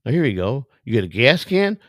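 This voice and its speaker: A man's voice: mid-range voice, sing-song, a little fast, dry recording, clean studio sound. A middle-aged man hosting a vlog, giving casual, rambling, profane commentary in a streetwise way. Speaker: vlog host browsing storage auctions.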